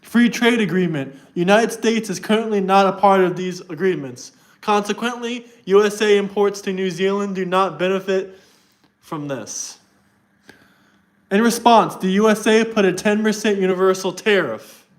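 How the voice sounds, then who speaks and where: His voice sits high and moves at a moderate pace as he livestreams. In a chat rant, he argues with viewers in a mocking, combative way and reads text aloud to prove he's right.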